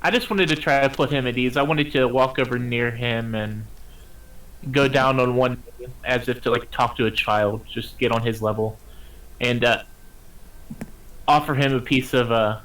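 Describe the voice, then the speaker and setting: A man playing a cleric in a tabletop game, speaking calmly and soothingly. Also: medium pitch, rough recording. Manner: calm, soothing. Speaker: player. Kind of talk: casual tabletop play.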